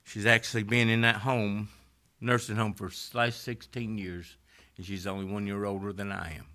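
Man preaching, low-pitched yet sharp and forceful, loud one moment and hushed the next. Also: flat delivery, normal speed. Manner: swings from loud rising exhortation to hushed near-whisper. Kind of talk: sermon.

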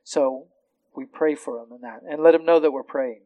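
A man's voice: on the high side, moderate pace, no room sound, muffled recording. A man preaching a sermon as a pastor, earnest, often repeating words as he starts a phrase.

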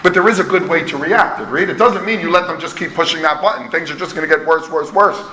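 A man's voice: fairly high pitch, fast talker, sharp tone. A middle-aged man preaching a conversational, emphatic sermon as pastor. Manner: conversational, emphatic, self-deprecating. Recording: echoey room with faint hum.

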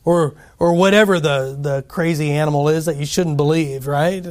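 High-voiced folksy preacher. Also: male voice, steady tone, normal speed. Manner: folksy, repetitive, frequent restarts. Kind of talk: sermon.

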